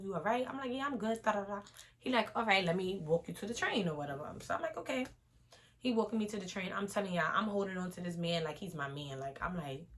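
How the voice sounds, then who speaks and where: A young woman, telling an animated casual storytime vlog straight to her viewers. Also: lowish voice.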